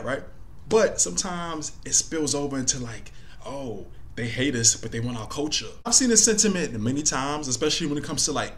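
A man's voice: medium pitch, fairly bright tone. A man gives casual commentary straight to the camera. He talks in a loose, wandering way, full of "like" and "you know". A faint hiss sits under his voice. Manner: conversational, loose, thinking aloud with many fillers. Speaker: commentary host.

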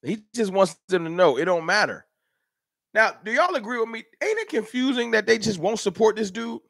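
High-pitched, fired-up fan show host. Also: male voice, animated, fairly quick, creaky, a bit bright, no room sound, studio quality. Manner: heated, rhetorical, talks straight to chat. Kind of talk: animated live-stream sports rant.

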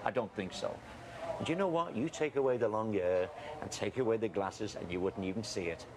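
An actor playing a defensive middle-aged farmer with a Liverpool accent who keeps calling people mate. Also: male voice, fairly low pitch, a little fast, close to an everyday voice. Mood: earnest. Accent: Liverpool (Scouse). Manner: blustering, animated, calls people mate. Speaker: farmer, cousin of a lookalike. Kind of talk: film acting. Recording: film audio with background noise.

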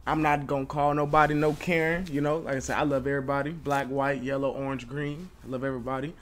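A man's voice: medium pitch, little pitch movement, fast talker, a bit bright. A young man hosting a reaction video, joking bluntly and swearing in casual commentary. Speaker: YouTube reaction host.

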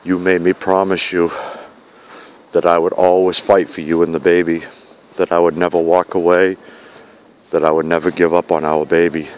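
On a snowy night in a park, a vlogger records a heartfelt video for his fiancée, pleading earnestly and repeating lines that sound like vows. His voice sits low, with slight background noise.

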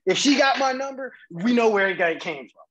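A man's voice: very high voice, lively intonation, a little fast, muffled recording, a crowd in the background. A man co-hosting a podcast, blunt and joking in casual chat, laughing often. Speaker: podcast co-host.

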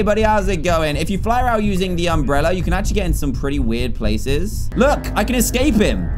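A young man in his twenties who excitedly narrates his own moves while playing a video game, cheering out loud when he wins. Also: a little high. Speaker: gaming YouTuber. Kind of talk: gameplay commentary.

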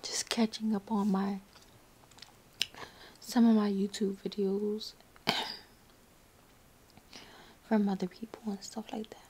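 A woman's voice: medium pitch, level tone, slow pace, pauses often, a little mellow, husky. A young woman in pain after surgery, whispering a late-night vlog into her phone in her living room, weary, sighing and out of breath. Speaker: vlogger.

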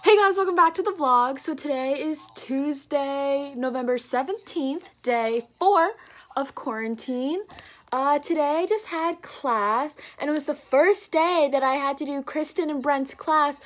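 This student vlogger, a young woman, records her everyday video diary while isolating with coronavirus but feeling no symptoms. Her voice sits high and runs a little slow, and she keeps things chatty, poking fun at herself and laughing often.

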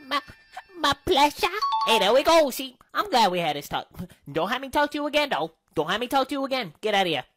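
A woman's voice: sits high, very animated, fast, fairly bright tone, soft background music. A woman acting out comedy sketches in a slangy, brash and playfully bossy way. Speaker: sketch comedian playing several parts.

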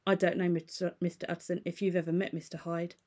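A woman's voice: on the low side, level tone, quick pace, warm tone, natural voice. A woman voicing a frightened, loyal male butler who pleads insistently in a storybook reading. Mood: uneasy.

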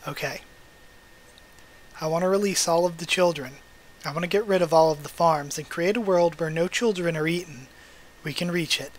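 A man's voice: on the high side, normal speed, long pauses, low-quality recording. A man hosting a manga readthrough, reading the dialogue aloud and breaking off for emotional, chatty asides.

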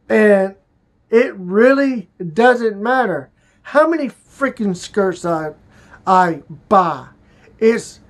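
Vlogger, male, high voice, slow, emotional halting delivery, confessional. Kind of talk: personal confessional vlog.

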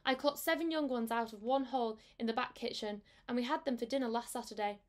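A woman's voice: on the high side, close to an everyday voice. A woman doing a fretful, tearful mother cat. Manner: slow, fretful and plaintive.

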